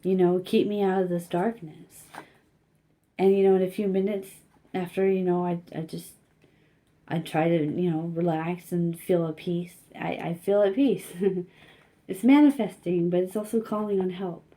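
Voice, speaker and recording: Gentle, mellow-voiced woman reading cards. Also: on the low side, steady tone. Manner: gentle, halting, with many fillers. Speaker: spiritual card reader. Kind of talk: casual spiritual card reading.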